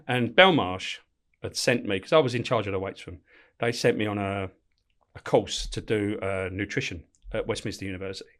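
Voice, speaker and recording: Speaking at a moderate pace in a fairly low voice, a man who used to be a prison officer tells stories on a podcast interview. He's lively, curses often, and does voices for the people in his anecdotes.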